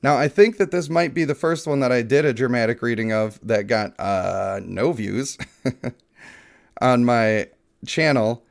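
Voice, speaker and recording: A man's voice: medium pitch, takes it slowly, vocal fry. A man hosting a mobile gaming channel, chatting casually, laughing often and joking at his own expense, with bits of dramatic reading.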